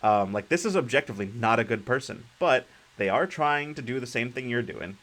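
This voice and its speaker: A man's voice: medium pitch, lively intonation, brisk, fairly bright tone, rough recording. A man co-hosting a live-streamed tabletop gaming talk show as a game master, chatting casually, rambling and correcting himself, laughing easily. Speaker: podcast co-host and game master.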